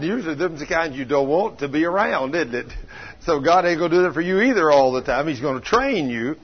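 Folksy preacher, husky voice. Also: male voice, a little high. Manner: folksy storytelling preacher, swings from loud to hushed. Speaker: pastor. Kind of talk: sermon. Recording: dull lo-fi sermon recording.

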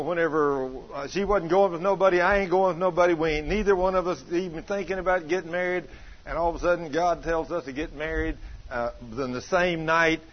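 A man preaching with folksy storytelling, using plain country grammar and laughing as he talks. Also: on the high side. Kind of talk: sermon with storytelling. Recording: dull lo-fi sermon recording.

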